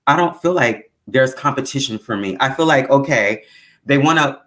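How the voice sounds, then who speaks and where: A woman with a Brooklyn accent telling stories as a guest, animated and full of acted-out quotes. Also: moderate pace. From Brooklyn, New York. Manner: animated storyteller, acts out quotes with big pitch swings. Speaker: guest actor. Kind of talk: casual storytelling interview.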